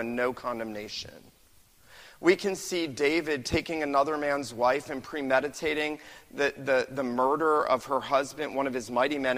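A man preaching a sermon as pastor, impassioned, slowing down for quoted verses and building in volume. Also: medium pitch, a bit bright, long reverb tail, rough recording. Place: church sanctuary.

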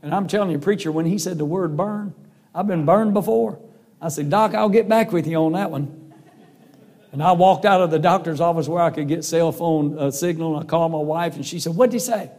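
A middle-aged man preaching a sermon with a hoarse voice, telling a personal story in a folksy way and acting out the voices of people in it. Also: a little high, brisk, a little mellow. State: hoarse from a vocal cord nodule. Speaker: preacher and singer.

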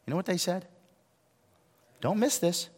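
A middle-aged pastor preaching a sermon, moving from hushed asides to shouted lines and acting out dialogue. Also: male voice, high-pitched, animated, unhurried, husky, long reverb tail.

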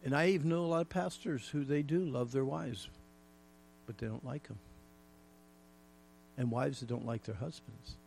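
A man's voice: mid-range voice, fairly quick, creaky, few pauses, darkish tone, slight background noise. A middle-aged man preaching a folksy, emphatic sermon with jokes and repetition. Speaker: pastor.

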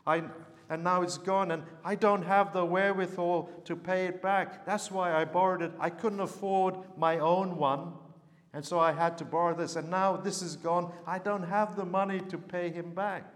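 A man voicing a poor young male prophet who pleads in anguish, pitched well above his own voice. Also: steady tone, normal speed, in a large hall, lightly acted. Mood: despairing.

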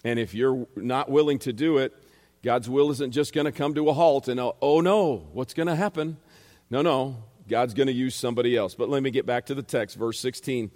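A man's voice: mid-range voice, steady tone, a little fast, darkish tone. Emphatic preaching man in a reverberant hall. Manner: emphatic, repeats phrases and asks rhetorical questions. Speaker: pastor and Bible teacher. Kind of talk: sermon.

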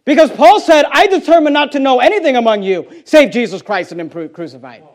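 A man's voice: extremely high pitch, lively intonation, fairly quick. A man preaching a sermon as pastor, emphatic and confrontational, hammering home repeated phrases.

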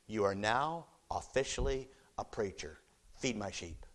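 A man tells a story from the pulpit during a church sermon, lively and animated, swinging between soft, low remarks and loud, thrilled exclamations. His pace is a little slow.

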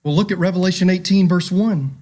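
A man preaching a sermon as pastor, reading scripture aloud and asking his listeners direct questions, swinging between loud emphasis and hushed tones. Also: high voice, fairly quick.

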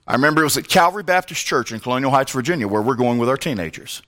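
A man's voice: medium pitch, lively intonation, racing, bright, forceful tone. A male pastor preaching a sermon, telling a personal story with comic asides.

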